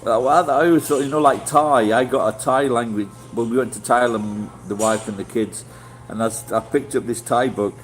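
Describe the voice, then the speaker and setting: A man's voice: medium pitch, a little fast, hardly any pauses, soft background music, poor audio. Blunt Yorkshire man chatting casually. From Yorkshire, England. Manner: rambling and blunt, swears freely, many restarts. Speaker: vlogger chatting with live viewers. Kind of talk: casual livestream chat.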